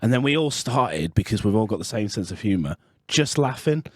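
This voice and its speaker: Male podcast co-host, low voice, dry close sound, rambling dark-humoured storyteller who swears. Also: big pitch swings, a little fast, no echo. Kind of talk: casual chat.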